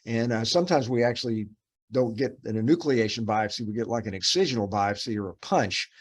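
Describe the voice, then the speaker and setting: With a slightly rough, medium-pitched voice, a middle-aged dermatopathologist talks a little fast as he reviews cases with a resident. It's rambling teaching talk, heavy on fillers and restarts.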